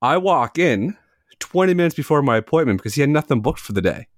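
A man's voice: fairly high pitch, sing-song, fast, no room sound. Rambling man in his forties, dry sound. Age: 40s. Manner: rambling, self-mocking storytelling with filler words and casual swearing. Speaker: podcast co-host. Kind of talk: casual chat.

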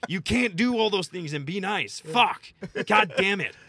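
A man in a played clip telling a lively anecdote, acting out both sides of a conversation with plenty of swearing. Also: high-pitched, measured pace, vocal fry.

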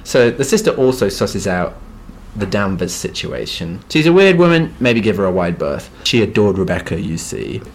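A man co-hosting a podcast, talking through a classic novel in an easy, conversational way. His tone is dry and a little wry, and he drops in quick asides as he goes. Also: on the low side, sing-song. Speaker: podcast co-host. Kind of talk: casual literary chat.

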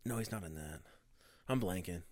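A man's voice: deep voice, lively intonation, normal speed, no room sound, clean studio sound. A man co-hosting a podcast in casual chat, swearing and laughing a lot. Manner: loud, profane, laughing banter. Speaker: podcast co-host.

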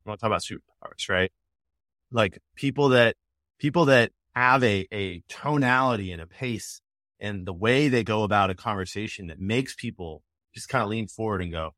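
A man answering interview questions about cold calling, energetic, slipping into quoted call snippets. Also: fairly low pitch, no room sound, studio quality. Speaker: sales expert guest.

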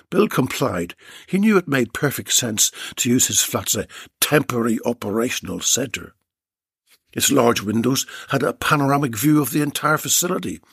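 A man's voice: mid-range voice, slightly rough, no echo, studio quality. A man narrating a story chapter in a wry, dramatic reading style.

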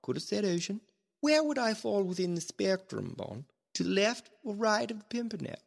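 A performer putting on a fussy, self-satisfied upper-class British gentleman in an improvised comedy sketch. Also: mid-range voice, big pitch swings, moderate pace, creaky, in a large hall. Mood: musing. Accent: put-on upper-class British. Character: pompous posh British gentleman, Bond's superior.

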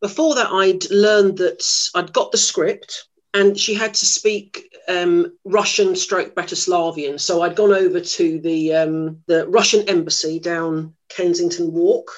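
A middle-aged woman, a lively, self-mocking actress telling stories in an interview. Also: lowish voice, a little slow, dull audio. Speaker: actress guest. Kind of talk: anecdotal interview storytelling.

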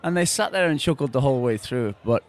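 A man fires off quick wisecracks in sport banter. He talks fast with a lively, bouncing pitch. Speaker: podcast co-host. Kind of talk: casual sports chat.

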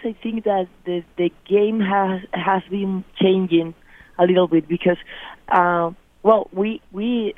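A woman from Spain with a Spanish accent, a native Spanish speaker, guesting on a radio interview and speaking halting English with many restarts as she searches for words. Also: on the low side, no echo, narrow, tinny audio.

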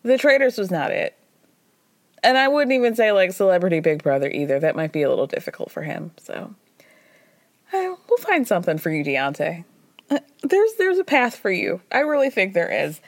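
A woman's voice: mid-range voice, very animated, moderate pace, no echo. A woman hosting a podcast, recapping reality TV in a chatty, gossipy, wry way, with frequent laughter. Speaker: podcast host. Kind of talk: casual reality-TV recap chat.

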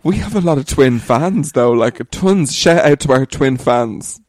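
A man co-hosting a casual chat, recorded close and dry. He reacts with quick, teasing remarks and playful disbelief. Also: medium pitch, expressive, darkish tone, no room sound. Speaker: podcast co-host.

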